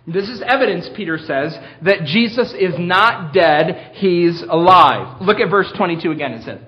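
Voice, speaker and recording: High-voiced emphatic male preacher. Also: animated, normal speed, hardly any pauses. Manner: emphatic, rhetorical questions, varies pace for emphasis. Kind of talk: sermon. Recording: dull lo-fi sermon recording.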